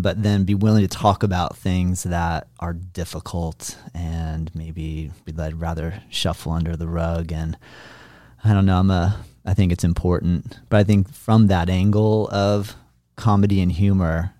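A man with a very deep voice muses aloud in casual conversation. He pauses and restarts as he thinks, with the odd laugh. His voice sounds dry and close. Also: flat delivery, dark tone, dry recording. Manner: reflective, halting, with restarts and laughs.

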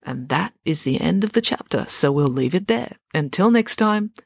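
A woman reading a children's chapter book aloud, steady and expressive. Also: deep voice, moderate pace, creaky. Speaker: storyteller.

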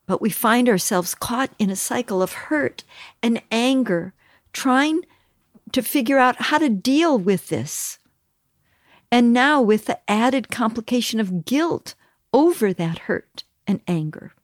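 A woman leads a Bible study lesson, unhurried and earnest, placing each phrase with care. Her voice is mid-pitched and recorded close and dry, with no room sound. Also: dry recording. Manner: slow, measured, earnest delivery. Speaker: Bible teacher.

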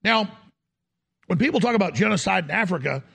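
Gravelly raspy guy ranting on his talk show, high strained voice, heated and fast. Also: lively intonation. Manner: heated, forceful, rapid-fire delivery. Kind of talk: ranting political talk radio.

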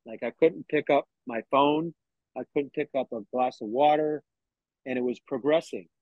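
A man's voice: mid-range voice, moderate pace, no room sound, narrow, tinny audio. A middle-aged man telling a personal story in an interview, acting out what others said to him and often restarting his sentences. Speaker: interview guest.

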